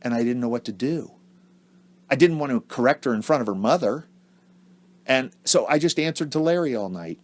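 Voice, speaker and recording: A man co-hosting a casual podcast, telling a story in a halting, earnest way and repeating words as he goes. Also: medium pitch, lively intonation, a little mellow. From Ohio, US. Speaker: podcast co-host.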